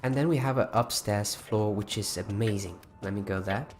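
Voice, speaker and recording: A man's voice: fairly low pitch, moderate pace, darkish tone, faint music behind. A man hosting a casual livestream, chatting loosely with frequent restarts while walking viewers through his creation. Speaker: livestream host.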